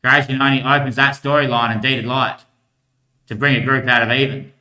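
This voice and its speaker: A man's voice: mid-range voice, little pitch movement, fairly quick, pushed and bright. A man talking in a long rambling monologue, laughing between thoughts. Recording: echoey room.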